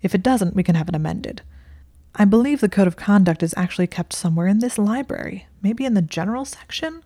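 A woman's voice: medium pitch, expressive, fast, mellow, dry recording, studio quality. A woman voicing a smug, needling young wizard man who smirks, rambles and waves things away, in a storybook reading. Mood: rambling.

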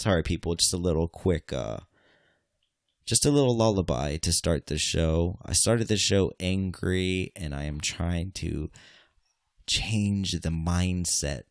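A man's voice: deep voice, a little slow, no echo, studio quality. A man hosting a casual podcast, joking and swearing, with sudden mock-angry outbursts. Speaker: podcast host.

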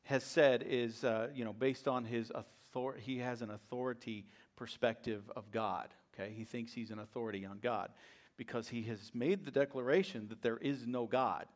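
A middle-aged American pastor preaching a sermon, swinging from loud rhetorical questions down to quiet asides. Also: male voice, mid-range voice, moderate pace.

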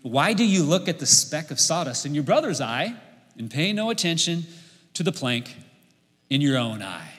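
Brief: middle-aged male pastor, bright forceful tone, slightly high, preaching with humor in a church hall with long reverb. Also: big pitch swings, normal speed. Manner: leads the congregation in repeating lines, jokes and laughs. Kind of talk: sermon.

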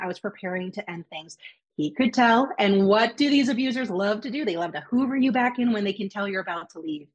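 A woman's voice: medium pitch, breathy edge. A woman telling a personal story in casual podcast chat, candid and swearing freely, acting out what others said. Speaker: podcast guest.

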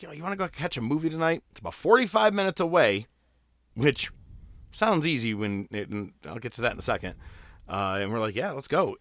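A man's voice: mid-range voice, no room sound. A man co-hosting a casual wrestling podcast, talking animatedly with plenty of swearing. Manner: animated, profane, swings loud and quiet. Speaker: podcast co-host. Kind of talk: casual chat.

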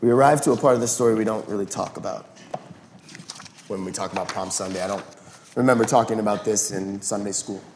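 A male pastor giving a sermon in an animated, conversational way. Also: fairly low pitch, fast talker, slight background noise. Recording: roomy echo.

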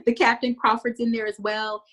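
A woman's voice: fairly high pitch, little pitch movement, brisk, a bit bright. A woman hosting a casual podcast, recapping a TV episode in a chatty way with frequent laughs and fillers.

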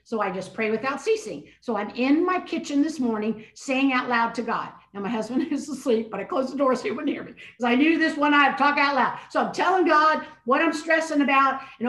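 An older woman, a podcast guest, telling a personal story in an animated way and acting out her own inner dialogue. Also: fairly high pitch, a little fast. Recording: echoey room.

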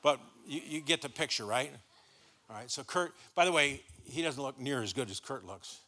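A man's voice: mid-range voice, expressive, normal speed, bright, forceful tone. A middle-aged man preaching a sermon in a church, folksy and stumbling over repeated words as he starts his sentences. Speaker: guest pastor.

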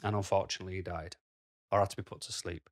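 A man's voice: sits low, flat delivery, quick pace. A man talking to camera in a blunt, rambling way, full of "you know" fillers. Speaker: vlogger. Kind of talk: casual monologue to camera.

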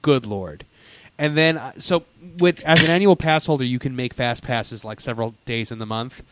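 Eagerly spinning theme-park stories in a casual chat, this man keeps stumbling into fillers and restarts. He speaks at a medium pitch and moderate pace against a noisy background.

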